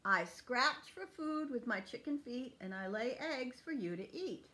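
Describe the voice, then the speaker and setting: A woman voicing a proud, loud rooster from a storybook, in boastful sing-song rhymes. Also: a little high, animated, measured pace.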